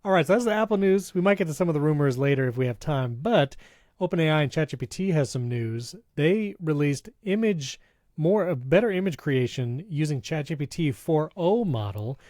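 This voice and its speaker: A man's voice: fairly high pitch, animated, darkish tone, no echo, studio quality. Upbeat, chatty male podcast co-host. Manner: upbeat, chatty, quick to laugh. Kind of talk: casual chat.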